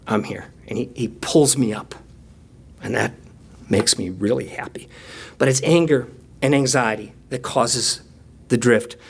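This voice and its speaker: A man's voice: medium pitch, gravelly, husky. A chatty, self-joking male preacher. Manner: conversational and self-deprecating, with playful asides and laughter; shifts between quiet reflection and lively storytelling. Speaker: pastor. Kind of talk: sermon.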